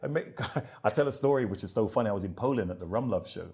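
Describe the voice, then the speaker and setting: A middle-aged man with a fairly low voice, chatting as an interview guest. He tells lively stories, acts out bits of dialogue and laughs easily, with a relaxed, conversational flow. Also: quick pace. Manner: animated storyteller who acts out dialogue and laughs often. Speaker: rum ambassador, interview guest.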